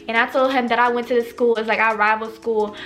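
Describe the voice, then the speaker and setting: A young woman telling stories in a casual, animated way, swearing a lot and acting out what people said. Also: fairly high pitch, quick pace. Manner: animated, profane, acts out quoted lines. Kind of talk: casual storytime monologue.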